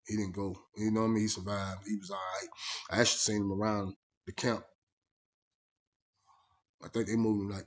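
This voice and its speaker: A man telling a story in casual first person, emphatic and streetwise, often asking "you know what I mean". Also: fairly low pitch. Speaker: vlogger.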